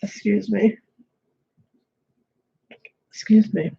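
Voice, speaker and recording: A vlogger talking casually to camera from an apartment, drifting from point to point and repeating phrases. The voice is husky and a little breathy. The audio sounds dull and lo-fi, as if it came from a built-in camera mic. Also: mid-range voice, steady tone, very slow, warm tone. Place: home apartment, indoors. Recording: dull lo-fi home recording.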